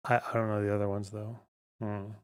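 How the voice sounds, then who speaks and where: A man's voice: on the low side, level tone, a little fast, clean tone. A man hosting a casual livestream, thinking aloud and muttering over a word puzzle, swearing now and then. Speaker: livestream host.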